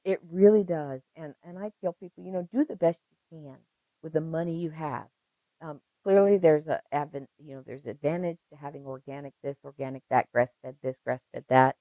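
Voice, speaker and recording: A woman's voice: low voice, moderate pace, warm tone, no echo, poor audio. An older woman, a registered nurse, telling stories emphatically in an interview and repeating phrases for effect. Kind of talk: conversational interview.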